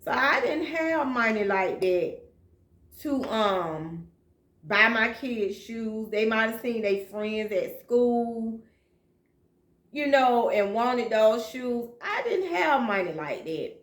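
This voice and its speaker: In a personal storytelling vlog, a woman with a high-ish, animated voice shares her life as a single mother, heartfelt and emotional. She speaks slowly and plainly, and the sound is roomy.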